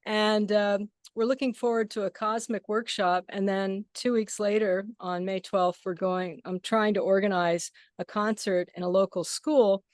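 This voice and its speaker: A woman's voice: mid-range voice, steady tone, a little slow, few pauses, no room sound, clean studio sound. Enthusiastic woman rambling on a video call. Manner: enthusiastic, rambling with many fillers. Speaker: gong practitioner sharing. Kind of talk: casual sharing on a video call.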